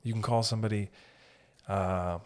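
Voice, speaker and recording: A man's voice: lowish voice, steady tone, normal speed. A man hosting a podcast, talking in a rambling, profane, comedic monologue that keeps breaking off mid-sentence. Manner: rambling, profane, self-interrupting, mock voices. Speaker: podcast host.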